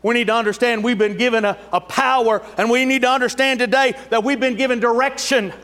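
High-voiced preacher in echoing hall. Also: male voice, fairly even intonation, fast. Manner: fervent, rising to shouts on key points, with joking asides. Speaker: pastor. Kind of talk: sermon. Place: church sanctuary.

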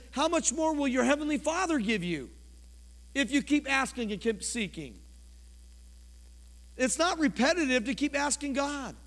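A pastor preaching a sermon in a church, his delivery impassioned and swinging from loud to quiet. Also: very high-pitched. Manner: impassioned preaching, rising and falling sharply. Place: church sanctuary. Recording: long church reverb.

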